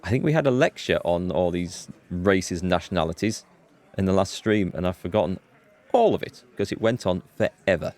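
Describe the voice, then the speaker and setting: A man's voice: low-pitched, lively intonation, moderate pace, a little mellow. A man hosting a let's play, musing aloud with wry asides. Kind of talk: casual gaming commentary.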